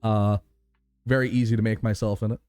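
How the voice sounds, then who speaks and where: A man's voice: fairly low pitch, level tone, fairly quick, a little mellow, smooth, no echo, soft background music. A man streaming a game live, reading its dialogue aloud in a playful, chatty way, sometimes tripping over words and correcting himself.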